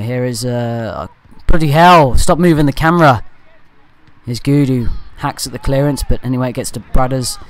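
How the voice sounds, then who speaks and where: For a fan channel, a man at medium pitch talks through casual commentary, joking as he goes. He goes off on tangents and fixes his own slips on the fly.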